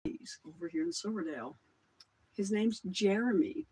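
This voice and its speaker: Middle-aged livestream host, husky and lively, rambling and casually profane. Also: medium pitch, normal speed, low-quality recording. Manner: rambling, swears casually, jumps between claims.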